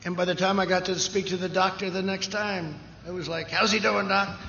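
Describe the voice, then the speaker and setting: A man's voice: high voice, fairly even intonation, a little fast, a bit bright, a little hiss or hum. Rambling man at an echoey rally. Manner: rambling, digressive, boastful asides. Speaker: speaker at a political rally. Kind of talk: off-the-cuff rally speech. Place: large rally venue. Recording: echoey lo-fi rally sound system.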